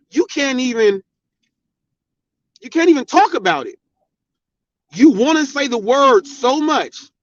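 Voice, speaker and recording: A man's voice: very high voice, a bit bright, dry recording. A man from the hosting his own channel, delivering a heated, confrontational commentary with emphatic repetition. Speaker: channel host. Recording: dull, dry lo-fi sound.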